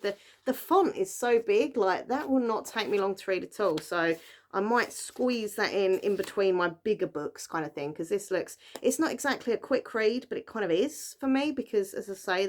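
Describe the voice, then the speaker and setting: Young woman, casual vlog chatter, loose and rambling, everyday mid-range voice. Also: mid-range voice. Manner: chatty, rambling, lots of fillers and likes. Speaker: book vlogger. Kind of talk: casual book haul chat.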